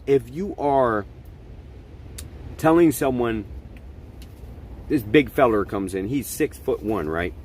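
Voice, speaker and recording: A man's voice: mid-range voice, animated, slow, long pauses, darkish tone, slight background noise. Blunt, profane middle-aged man ranting. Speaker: podcast host. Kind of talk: opinion monologue.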